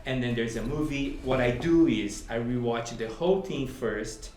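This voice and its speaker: A man co-hosting a film podcast in casual chat, enthusiastic and halting, with many fillers. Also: mid-range voice, darkish tone, soft background music. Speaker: podcast co-host, film reviewer. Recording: echoey room.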